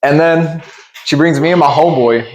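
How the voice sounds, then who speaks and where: A young man co-hosting a podcast, telling a school memory in animated, joking casual chat. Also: a little high, normal speed, poor audio. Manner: animated, joking storytelling with laughs. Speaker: podcast co-host.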